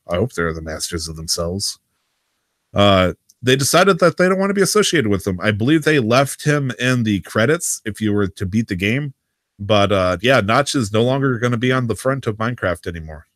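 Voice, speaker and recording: A man co-hosting a casual gaming podcast, joking around with drawn-out uhs and a voice that jumps up when he kids. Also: lowish voice, a bit bright, no room sound, clean studio sound. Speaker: podcast co-host.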